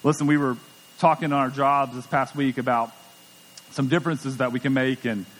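A man's voice: mid-range voice, fairly even intonation, moderate pace. A middle-aged man preaching a sermon as pastor, conversational and emphatic, often repeating words as he goes. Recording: long church hall reverb.

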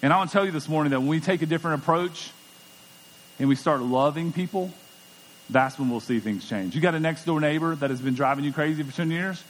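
A man's voice: fairly high pitch, fast talker, a little hiss or hum. A middle-aged man preaching a sermon as pastor, conversational and emphatic, often repeating words as he goes. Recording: long church hall reverb.

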